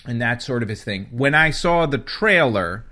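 A man's voice: mid-range voice, lively intonation, normal speed, sharp tone. Male podcast host, mid-range voice, playful and joking, some hesitation. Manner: jokey, playful asides, hesitant. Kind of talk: casual chat.

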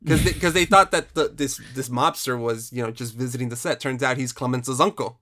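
A man in a casual conversation about movies. He rambles, circles back on his words and swears offhand. His pitch sits at a middling, ordinary level. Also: brisk, pushed and bright. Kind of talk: casual film discussion.

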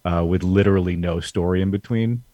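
Very deep-voiced joking man. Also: steady tone, a little fast, mellow, dry recording, muffled recording. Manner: joking, wry. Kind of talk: casual chat.

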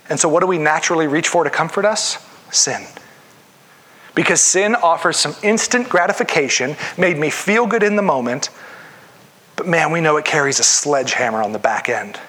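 Bright-voiced man preaching a sermon. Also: on the high side, expressive, moderate pace. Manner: earnest, conversational preaching with acted-out inner voices. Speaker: pastor.

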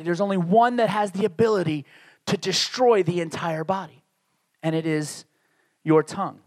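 Guy preaching, fairly high voice, chatty and candid, pokes fun at himself, dry close sound. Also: no room sound. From Northeastern United States. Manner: candid, conversational preaching with self-deprecating asides. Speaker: pastor. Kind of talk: sermon.

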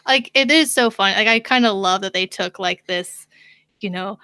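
Woman, bright crisp voice, gushing, says like a lot, dry room. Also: mid-range voice, normal speed, no room sound. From United States. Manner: enthusiastic, lots of "like". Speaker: podcast co-host. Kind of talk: casual chat.

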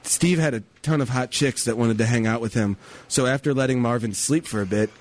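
A man's voice: mid-range voice, fairly quick. Man narrating a sketch, mock-dramatic.

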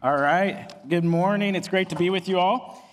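High-voiced energetic male pastor. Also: moderate pace, in a large hall, faint music behind. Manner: energetic, joking, storytelling. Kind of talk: sermon. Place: church.

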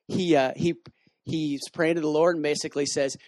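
A man teaching a casual sermon, retelling a Bible story in slangy, animated terms and reading scripture aloud. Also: on the high side, moderate pace, dry recording, clean studio sound. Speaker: missions base director teaching.

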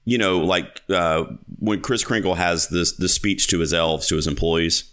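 A man's voice: low-pitched, fairly even intonation, moderate pace, fairly bright tone, clear, resonant tone. A man hosting a podcast interview, chatting casually and enthusiastically, rambling with lots of fillers and restarts. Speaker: podcast host.

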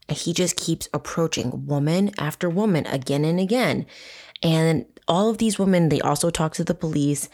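Young woman hosting a true crime podcast; lower voice, loose, swearing, animated storyteller. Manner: casual, profane, animated storytelling. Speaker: podcast host.

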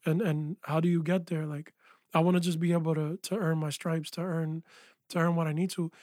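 A man with a high-pitched voice tells his story as a guest in a relaxed interview. He talks with animated energy and leans on "yo" and "like" often. The sound is dry and close, as in a small studio. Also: fairly quick, no room sound. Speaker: guest, music producer and engineer. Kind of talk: casual interview chat.

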